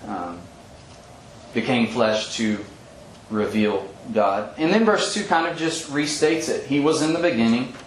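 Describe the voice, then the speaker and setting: Male bible teacher, mid pitch, explanatory and unhurried, echoey room. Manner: thoughtful, explanatory, with frequent ums and restarts. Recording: echoey room with faint background hum.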